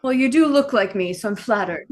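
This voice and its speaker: A woman performing comic improv scenes, delivering short lines in a deadpan way. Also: fairly high pitch, brisk. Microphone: video call.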